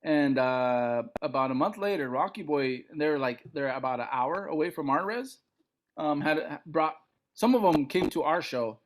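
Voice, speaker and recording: A middle-aged man from Montana, a comedian guest telling a story on a podcast, acting out other people's lines. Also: a little slow. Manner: animated, acts out other people's lines with big pitch jumps.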